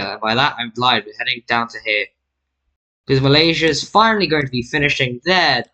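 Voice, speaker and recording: A man's voice: mid-range voice, pushed and bright, low-quality recording. A man casually narrating a map-drawing video, rambling and correcting himself with jokey asides. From Britain. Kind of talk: casual narration over screen recording.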